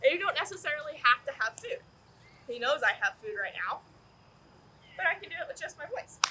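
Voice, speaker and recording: Woman dog trainer, high lively voice, upbeat instructional delivery, faint outdoor noise. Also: brisk, poor audio. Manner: upbeat, explanatory, bursts into excited praise for the dog. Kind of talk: instructional video.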